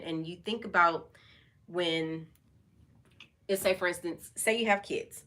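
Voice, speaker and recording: A woman's voice: lowish voice, measured pace, sharp tone. A woman hosting her own vlog, talking candidly and casually about feelings, with lots of fillers. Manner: candid and chatty, many fillers. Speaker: vlog host. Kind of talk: casual personal talk over wine.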